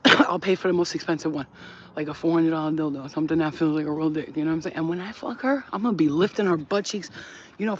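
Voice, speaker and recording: Frank, animated woman vlogger. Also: on the low side, highs cut off, a little hiss or hum. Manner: frank, animated, laughing often, acting things out with sounds. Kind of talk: casual to-camera chat. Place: at home while cooking.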